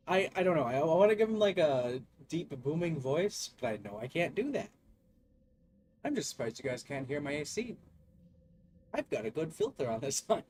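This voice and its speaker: A man's voice: on the high side, very animated, normal speed, a little mellow, a little hiss or hum. A man giving casual, joking let's-play commentary, rambling and self-deprecating. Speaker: gaming YouTuber.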